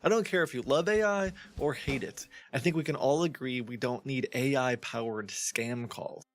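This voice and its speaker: A man's voice: medium pitch, moderate pace, no echo. A man narrating an explainer video in a dry, wry, instructive tone.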